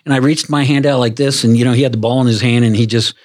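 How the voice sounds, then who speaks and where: A man's voice: medium pitch, fairly even intonation, fast, darkish tone. Older man telling stories. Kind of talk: casual chat.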